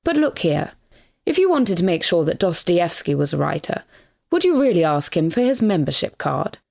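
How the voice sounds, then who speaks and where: A florid, mock-dignified gentleman, as a woman reader puts him on speaks with elaborate, theatrical courtesy. His phrases are stretched and ornate, with a gravelly grain in the voice. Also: on the low side, big pitch swings, normal speed, exaggerated voice. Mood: mock-courteous.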